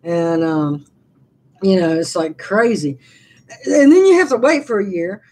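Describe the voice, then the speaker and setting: A woman's voice: medium pitch, animated, measured pace, a little mellow. A woman in her sixties chatting casually from her living room, telling rambling stories with many restarts. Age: 60s. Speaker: vlogger. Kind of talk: casual live-stream chat.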